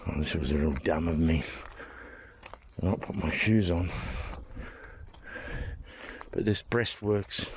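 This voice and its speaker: A man hosting a travel vlog, walking an overgrown historic site and thinking aloud with excited, rambling asides. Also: deep voice. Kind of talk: casual vlog commentary while walking. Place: outdoors, overgrown hillside.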